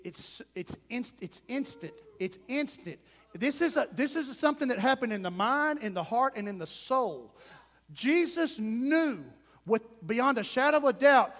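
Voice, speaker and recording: A man preaches in a church, impassioned and swinging between loud emphasis and hushed asides. His voice sits unusually high for a man. A long hall echo follows each phrase. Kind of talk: sermon.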